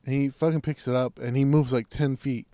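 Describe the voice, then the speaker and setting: A man with a brisk, mid-range voice spins a lengthy tale in casual conversation, with no room sound around him. It's profane and animated, and he performs the quoted arguments himself.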